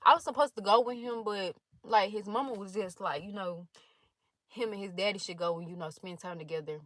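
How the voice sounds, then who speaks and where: Brisk and mid-range, with no room sound, this voice belongs to a young college-age storytime vlogger. She gives a blunt, profane, animated account, reading text messages exchanged by others.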